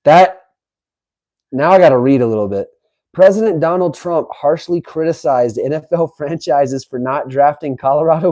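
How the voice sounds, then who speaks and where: A man hosting a live stream, chatting casually and reading aloud with incredulous, animated asides. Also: on the high side, poor audio. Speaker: livestream host. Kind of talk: live-stream reaction chat.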